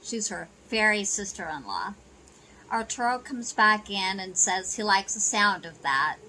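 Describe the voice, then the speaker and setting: A woman narrates a soap opera plot in an expressive, bright, forceful mid-range voice, never rushing. The low-quality recording has a bit of hiss or hum, and her casual retelling is loaded with "you know" and "she goes."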